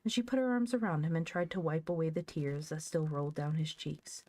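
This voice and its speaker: A woman's voice: deep voice, a little fast, darkish tone. A woman reading a children's story aloud as narrator. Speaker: audiobook reader. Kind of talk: scripted narration.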